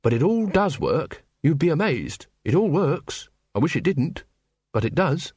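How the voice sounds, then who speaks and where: A man voicing an honest, earnest young male constable who talks calmly and cheerfully. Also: a little high, unhurried, slightly rough, no room sound, clean studio sound, exaggerated voice.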